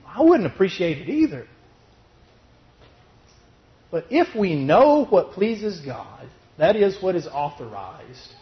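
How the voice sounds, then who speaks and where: A man preaching a sermon, firing rhetorical questions and then answering them himself. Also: sits high. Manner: emphatic rhetorical questions, then calmer and gentle. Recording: dull lo-fi recording.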